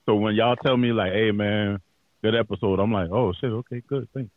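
A man hosting a podcast in casual chat, slangy and profane, with a radio-style voice and quick laughs. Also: lowish voice, steady tone, dry recording, narrow, tinny audio. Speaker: podcast host.

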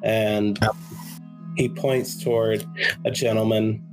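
A man narrating as game master in a tabletop game, relaxed and rambling with fillers. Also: on the low side, takes it slowly, over music, rough recording.

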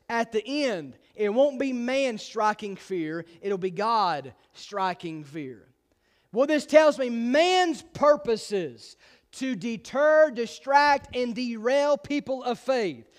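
A pastor preaching a sermon with emphatic, insistent delivery and frequent repeated restarts. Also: male voice, very high-pitched.

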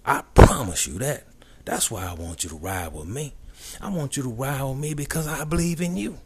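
A man's voice: mid-range voice, lively intonation, moderate pace, slightly rough. A man giving a confident, boastful motivational monologue, repeating emphatic declarations.

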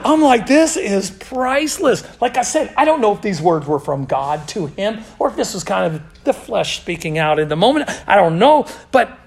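A man preaching a sermon, telling Bible stories in an animated, joking way with playful sarcasm. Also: sits high, moderate pace, creaky, few pauses. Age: adult. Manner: animated, self-deprecating storytelling with playful sarcasm.

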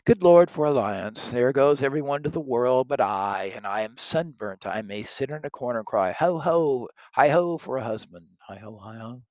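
A man reading aloud the part of a witty, sharp-tongued young noblewoman, lifting his voice a little for her lines. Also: mid-range voice, animated, moderate pace, few pauses, dry recording, dull audio, voice pushed up, lightly acted. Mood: teasing.

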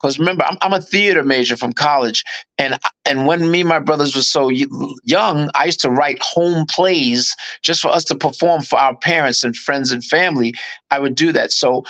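Male interview guest, lively storyteller who slips into voices, slightly high pitch. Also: moderate pace, low-quality recording. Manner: animated, acts out quotes in voices. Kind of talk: casual anecdote storytelling.

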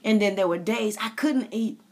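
A woman's voice: mid-range voice, normal speed, a little mellow. A middle-aged woman from the Caribbean, an author giving a faith-based motivational talk, preachy and calling listeners honey and baby. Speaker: author and inspirational speaker.

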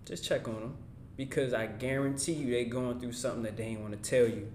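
A man's voice: medium pitch, steady tone, fairly quick, darkish tone, slight background noise. Man hosting a podcast in an echoey room. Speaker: podcast host. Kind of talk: casual chat.

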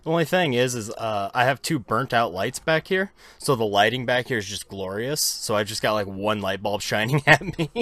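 A man co-hosting a casual podcast, speaking in a laid-back, low-key way. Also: lively intonation, normal speed, few pauses, bright, forceful tone. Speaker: podcast co-host.

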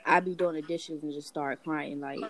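A woman's voice: deep voice, fairly even intonation, moderate pace, fairly bright tone, rough recording. A woman in a casual chat, speaking hesitantly with many fillers as she searches for words. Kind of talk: casual chat among moms. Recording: background noise.

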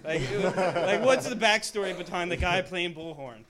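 A man's voice: sits high, normal speed. A young man from the audience asking the panel a question, casual and enthusiastic. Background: audience crowd.

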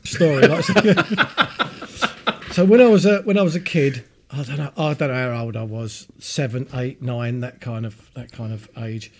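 A man's voice: medium pitch, a little slow, slight background noise. A man co-hosting a podcast, telling a self-deprecating childhood story in a chatty way and tagging lines with "right?". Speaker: podcast co-host. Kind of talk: casual storytelling chat.

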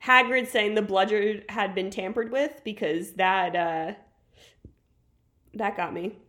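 A woman's voice: mid-range voice, takes it slowly, a bit bright. A young adult woman co-hosting a casual podcast, playful and self-deprecating, laughing easily. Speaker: podcast co-host. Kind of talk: casual chat.

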